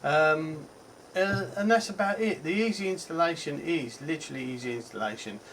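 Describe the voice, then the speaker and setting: A man's voice: fairly high pitch, normal speed, a bit bright, a little hiss or hum, poor audio. A man with a Cockney accent giving a casual, rambling product review, chatty and full of ums and self-corrections. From England. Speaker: tech reviewer.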